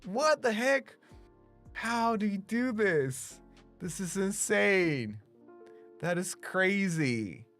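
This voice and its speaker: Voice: medium pitch, lively intonation, drawn-out words, fairly bright tone. A streamer chatting casually with viewers while drawing live, laughing often, swearing freely and leaning on "like" as filler. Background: faint background music.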